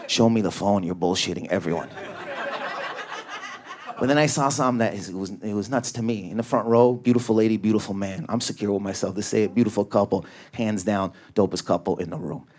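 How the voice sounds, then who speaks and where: A young man from Canada doing a high-energy, neurotic stand-up routine on a comedy club stage, acting out characters. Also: fast talker, hardly any pauses, a little mellow. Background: audience laughing.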